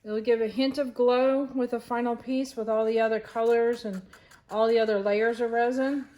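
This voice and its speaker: A woman's voice: a little high, steady tone, normal speed, a little mellow. A woman resin artist talking casually through a craft project, rambling and correcting herself as she thinks aloud.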